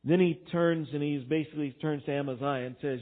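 Brief: higher-voiced male preacher, emphatic sermon delivery, narrow tinny recording. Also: steady tone, brisk. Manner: emphatic, swinging between loud and quiet. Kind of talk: expository sermon. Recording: tinny phone-like sound.

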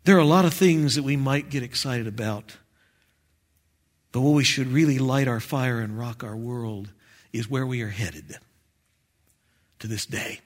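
A man preaching a sermon, swinging between loud exclamations and quiet, intense asides. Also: mid-range voice, measured pace, long pauses. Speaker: pastor. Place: church sanctuary.

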